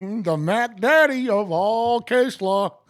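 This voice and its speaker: Animated, slow-talking male streamer. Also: high voice. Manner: animated, joking, talks to viewers by name; slow, emphatic reading of legal text. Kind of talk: live-stream chat and case-law reading.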